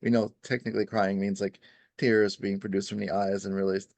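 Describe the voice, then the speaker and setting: A man's voice: lowish voice, flat delivery, brisk, darkish tone, dry recording. A man who practises Ayurveda, explaining in a rambling, casual way, full of "you know" and "right?" and little acted-out quotes.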